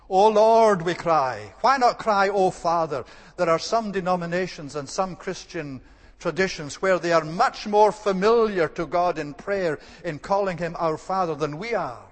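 High-voiced preacher in a long-echo hall. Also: male voice. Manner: earnest emphatic preaching, repeats key words. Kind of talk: sermon.

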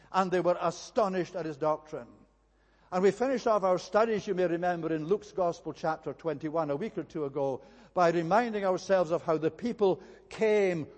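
High-voiced preacher in a reverberant hall. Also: male voice, darkish tone. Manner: earnest, measured preaching with occasional slips. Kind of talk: sermon.

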